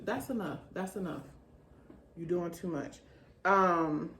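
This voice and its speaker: A woman talking casually and with a teasing ease while she films her children baking in a home kitchen. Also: fairly low pitch. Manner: relaxed, chatty, colloquial, teasing with her kids. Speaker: mother and home-schooling parent filming her kids. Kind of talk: casual home vlog chat. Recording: roomy with faint background noise.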